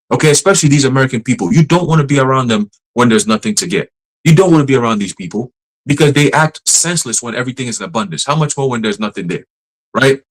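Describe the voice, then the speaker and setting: A man preaching casually on a livestream, blunt and profane, laughing often and slowing down to read scripture verses. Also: mid-range voice, rough recording.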